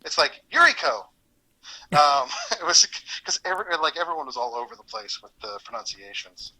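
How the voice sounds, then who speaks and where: Bright-voiced former voice actor, man. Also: mid-range voice, brisk, slightly rough, rough recording. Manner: animated, laughs often, acts out quoted dialogue. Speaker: former voice actor, interview guest. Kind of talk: casual interview storytelling.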